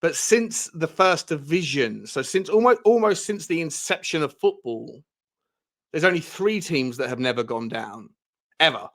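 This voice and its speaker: A man's voice: on the high side, expressive, normal speed, fairly bright tone. A man co-hosting a football podcast in casual chat, rambling, with many fillers and restarts.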